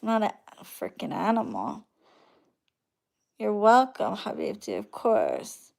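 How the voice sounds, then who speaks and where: A woman from Florida, a spiritual practitioner, tells her clients a story in a blunt, profane and animated way. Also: medium pitch, slow pace, vocal fry. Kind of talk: casual storytelling monologue.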